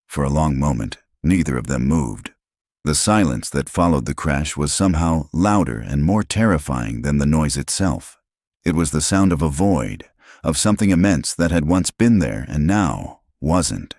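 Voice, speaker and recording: A man with an extremely deep voice narrates a scripted story in a dramatic, suspenseful way. His pitch rises and falls a lot, and the sound is dry and close to the mic. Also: a little mellow, no echo.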